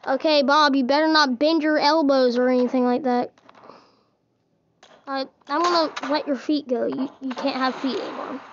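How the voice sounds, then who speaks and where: A woman's voice: high-pitched, steady tone, moderate pace, dull audio, noisy background. A woman giving casual, playful gameplay commentary, teasing and chatting to the characters in her game. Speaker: gaming video host.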